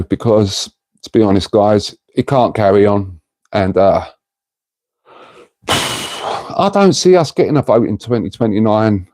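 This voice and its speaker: A man's voice: mid-range voice, dark tone, no echo. A middle-aged man, hosting a casual livestream and talking to viewers in an earnest, rambling way. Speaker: livestream host.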